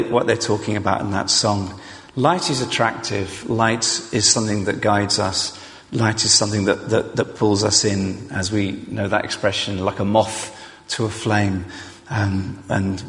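A man preaching an evening sermon in a chatty, self-deprecating way, with many fillers. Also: fairly low pitch. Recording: long hall reverb.

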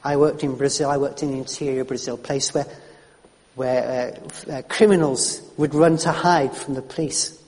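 A man's voice: medium pitch, fairly even intonation, normal speed, darkish tone, in a large hall. A man preaching a sermon, chatty and storytelling, often repeating words as he restarts.

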